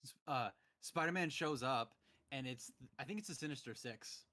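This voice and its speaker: A young man chatting casually over a voice call, his voice bright and forward. He tells stories with animated energy and keeps slipping into the lines he quotes. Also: medium pitch, normal speed. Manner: animated storytelling, acting out quotes. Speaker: podcast host. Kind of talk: casual chat.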